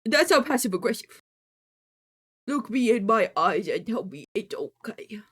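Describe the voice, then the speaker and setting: A woman's voice: fairly high pitch, expressive, unhurried, fairly bright tone, slightly rough. A woman streamer chatting casually while she works, goofy and playful, teasing and swearing freely. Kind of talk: casual live-stream chat while working.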